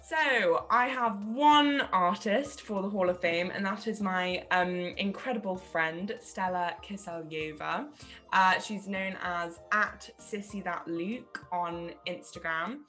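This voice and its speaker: A woman's voice: mid-range voice, takes it slowly, fairly bright tone, soft background music. A woman co-hosting a podcast, chatting casually, swearing freely and laughing at herself. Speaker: podcast co-host. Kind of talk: casual chat.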